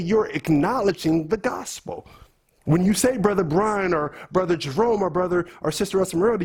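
A man's voice: high voice, darkish tone, breathy edge. A man preaching a sermon, earnestly questioning his congregation.

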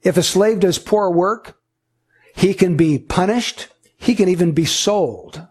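A man's voice: high-pitched, slow pace, darkish tone, breathy edge. A man preaching a sermon, earnest and emphatic, driving points home with repetition. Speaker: pastor.

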